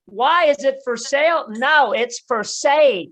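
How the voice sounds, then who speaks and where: High-voiced woman doing stand-up. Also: unhurried, crowd noise. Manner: laughs at her own jokes, chatty. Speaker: stand-up comedian. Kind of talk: stand-up set on a virtual comedy show. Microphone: video call.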